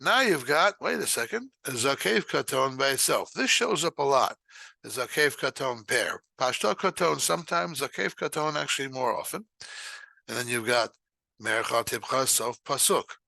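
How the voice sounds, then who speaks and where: A man teaching a recorded lesson, explaining quickly in short bursts and then chanting phrases slowly. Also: medium pitch, expressive, creaky, sharp tone, no echo.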